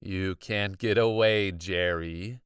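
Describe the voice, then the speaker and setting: A sinister doctor who turns out to be a robot, speaking low, slow and unhurried, with quiet menace, as a man reads him in a storybook. His voice is smooth and clear, with a dry close sound. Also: animated, no echo, exaggerated voice. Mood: menacing. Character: calm sinister male doctor, robot captor.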